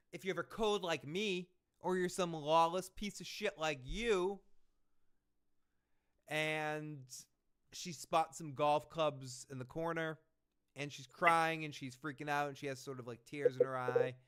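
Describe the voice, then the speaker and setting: A man's voice: fairly high pitch, fairly bright tone, smooth. Profane, rambling man recapping a show. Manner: rambling, profane, retells scenes with quoted lines. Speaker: podcast host. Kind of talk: casual recap chat.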